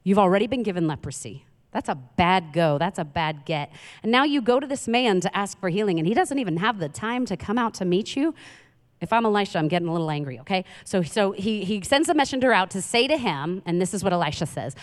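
A woman delivers a sermon in a loose, conversational style, retelling a scripture story with lively asides. Her voice sits at an ordinary middle pitch. The sound carries a long reverb, as if recorded in a large church hall. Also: normal speed. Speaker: preacher.

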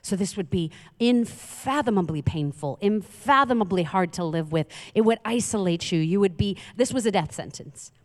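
A woman delivers a sermon in a loose, conversational style, retelling a scripture story with lively asides. Her voice sits at an ordinary middle pitch. The sound carries a long reverb, as if recorded in a large church hall. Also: moderate pace, hardly any pauses. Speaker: preacher.

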